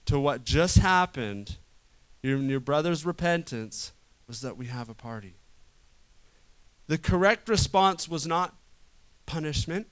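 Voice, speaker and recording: A man preaching a sermon to a room, swinging from loud urgent stretches to quiet soft ones. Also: a little high, animated, measured pace, pauses often. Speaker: pastor.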